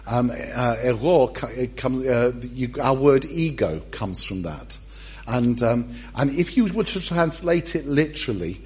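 Man preaching, husky voice, mid pitch, joking, self-deprecating. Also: lively intonation, normal speed, darkish tone. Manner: humorous, self-deprecating storyteller. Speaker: pastor. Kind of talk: sermon.

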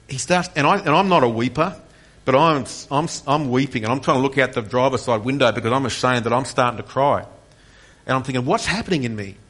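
A man in his forties preaching a passionate sermon with personal testimony, rising in intensity on key points. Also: medium pitch. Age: 40s. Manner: passionate, rising to near-shouts on key points, with frequent restarts. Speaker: pastor.

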